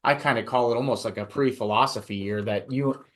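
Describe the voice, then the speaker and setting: A man's voice: medium pitch, a little fast, fairly bright tone. A male podcast host who asks questions and tells stories in a casual, rambling way. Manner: conversational, storytelling, many fillers.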